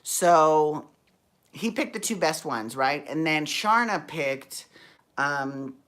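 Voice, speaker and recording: A woman with a deep, low voice chats through a TV show recap. Her delivery is sassy and campy, full of gossipy slang. She rambles and corrects herself as she goes. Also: expressive, slow, fairly bright tone. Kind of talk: casual TV recap chat.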